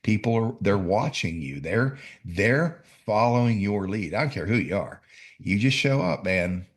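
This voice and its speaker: Man, lowish pitch, emphatic, fired up, laughing storyteller. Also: lively intonation, unhurried. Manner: emphatic, gets fired up, laughs while telling. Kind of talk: animated storytelling.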